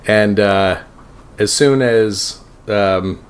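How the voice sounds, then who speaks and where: A man's voice: lowish voice, extremely slow, clean tone. A man co-hosting a podcast in casual chat, rambling, swearing and laughing often. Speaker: podcast co-host.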